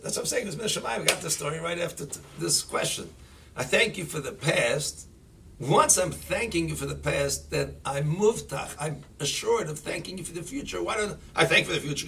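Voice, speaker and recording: A man, a rabbi, giving an animated sermon full of stories, rising to near-shouting when he drives a point home, recorded from a distance. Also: on the high side, brisk, creaky. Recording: voice distant from the mic, faint background noise.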